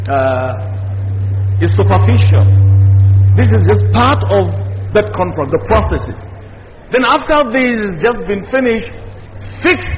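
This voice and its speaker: A man's voice: sits high, a little hiss or hum. A man giving an Islamic lecture to a live audience, emphatic and firing questions at the listeners. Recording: echoey hall, dull lo-fi sound.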